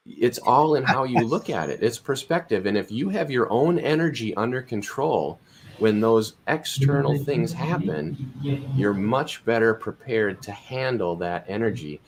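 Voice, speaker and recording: A man in a casual podcast conversation, explaining things calmly and repeating words as he restarts. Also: mid-range voice, measured pace.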